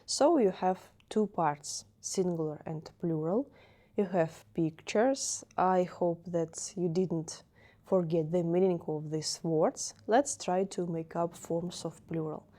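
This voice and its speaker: Slow, patient Russian-accented woman teacher. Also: fairly low pitch, mellow. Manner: slow, repeats each word several times. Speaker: language teacher. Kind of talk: beginner language lesson.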